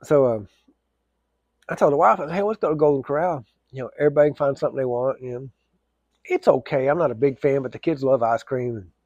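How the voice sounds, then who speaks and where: A man's voice: mid-range voice, quick pace, a little mellow, no room sound, muffled recording. A man telling a casual, rambling story, full of fillers and restarts.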